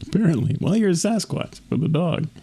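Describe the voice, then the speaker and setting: A man's voice: a little high, very animated, fairly quick, gravelly, dark tone, breathy edge. A man co-hosting a podcast, making wry, teasing comments as his friend plays a game. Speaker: podcast co-host. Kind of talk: casual chat.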